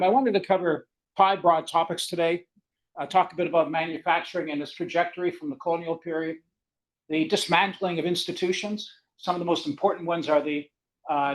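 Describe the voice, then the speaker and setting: An older man with a Canadian accent giving an academic seminar lecture in a fast, rambling, conversational way. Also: fairly high pitch, low-quality recording. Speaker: guest lecturer.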